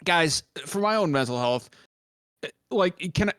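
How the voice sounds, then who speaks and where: A man co-hosting a gaming podcast in a bright, slightly high voice. He sounds exasperated, swears and addresses the chat. The sound is dry and close. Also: lively intonation, unhurried, smooth, no echo. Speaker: podcast co-host. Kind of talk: casual chat among friends.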